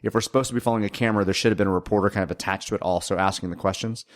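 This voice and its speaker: A man co-hosting a podcast in casual chat, analytical and quick to agree. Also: deep voice, steady tone. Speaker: podcast co-host.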